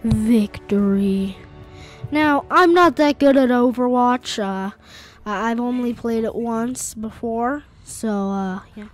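High-voiced young woman gaming streamer. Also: unhurried, soft background music. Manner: chatty, self-deprecating, sudden loud exclamations. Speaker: gaming channel host. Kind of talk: casual gameplay commentary. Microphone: boom arm studio mic.

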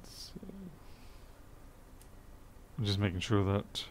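A man's voice: on the low side, little pitch movement, slow, slight background noise. A man talking through a circuit board repair live, thinking aloud in a methodical, muttering way. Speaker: electronics repair technician. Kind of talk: live repair stream commentary.

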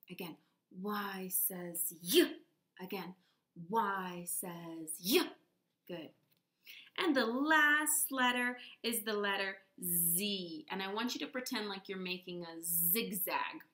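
A woman teaching young children letter sounds, slow and encouraging, demonstrating each sound. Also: medium pitch, pushed and bright, echoey room. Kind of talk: children's phonics lesson.

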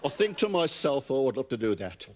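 A man's voice: mid-range voice, very animated, fairly quick. A man with a Birmingham accent, chatting as a game show contestant in an easygoing, dryly humorous way. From Birmingham, England. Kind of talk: casual studio chat.

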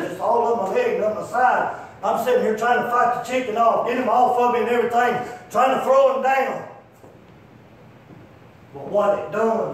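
A male evangelist preaching through folksy stories, rambling and peppering his talk with "man" and "buddy". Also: high voice. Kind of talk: sermon with storytelling. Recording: echoey hall from far off, faint hum.

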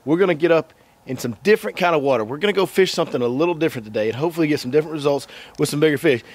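A man's voice: fairly high pitch, expressive, rapid-fire. A young man hosting a fishing vlog from a boat, chatty and upbeat as he talks straight to viewers. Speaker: fishing guide and host. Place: on a boat on a lake outdoors.

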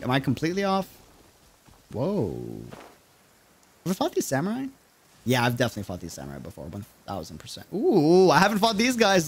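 Lively New York man streaming games. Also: on the high side. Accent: New York City. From New York City. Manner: chatty, reacts loudly to gameplay. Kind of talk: live gaming stream chat.

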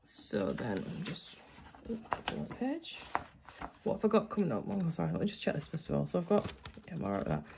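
A woman's voice: low-pitched, wildly swooping pitch, brisk, gravelly, noisy background. A woman talking to camera at home at night, chatty and self-mocking as she thinks aloud. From United Kingdom. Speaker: budgeting vlogger. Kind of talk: casual chat to camera.

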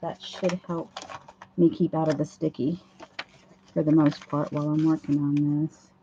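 A hoarse woman hosts a casual craft livestream, chatting through each step as she works at a home craft table. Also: low voice, flat delivery, normal speed, warm tone, a little hiss or hum. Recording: dull lo-fi livestream audio.

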